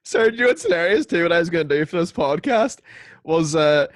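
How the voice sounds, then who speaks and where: A man's voice: fairly high pitch, sing-song, fast talker, dry recording. A young adult man, a comedian chatting casually over a video call, rambling with lots of restarts and "like". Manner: rambling, full of restarts and filler "like". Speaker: comedian podcaster. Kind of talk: casual chat.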